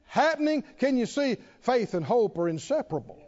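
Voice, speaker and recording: High-voiced preacher in an echoing church. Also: male voice, fairly quick. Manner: animated storytelling with humor, calls for congregation responses. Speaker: pastor. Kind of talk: sermon. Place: church sanctuary with congregation. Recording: dull reverberant church recording.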